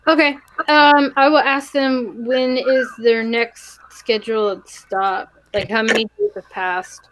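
A woman plays in a tabletop game, talking through her actions slowly and hesitantly. Her voice sits fairly high, with faint noise in the background. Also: steady tone, poor audio. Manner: hesitant, thinking aloud. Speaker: player.

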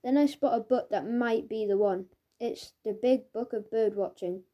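A woman narrating a children's audiobook in the first person, in a lively, playful storytelling manner. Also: fairly high pitch, moderate pace, highs cut off.

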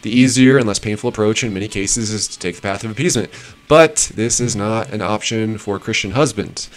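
Low-voiced man reading and commenting. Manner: shifts between measured reading and rambling asides with restarts. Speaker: host reviewing marriage advice. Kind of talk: reading a text aloud and commenting in casual talk.

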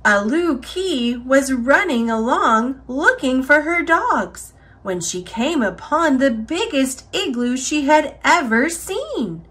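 A woman reading a children's picture book aloud in an expressive, deliberate storytelling manner. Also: high-pitched. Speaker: storybook reader.

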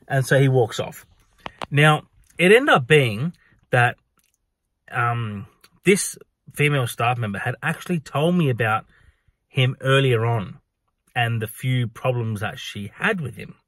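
A man's voice: mid-range voice, no echo. A young man who works in a bar, telling a story to camera in a casual way and acting out what people said. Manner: animated, acts out quoted lines. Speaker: vlogger, bar worker.

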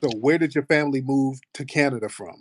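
A man's voice: medium pitch, fast talker, no room sound, studio quality. An American man hosting a live audio chat, brash and profane, bantering with callers. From United States. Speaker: host of a live audio space.

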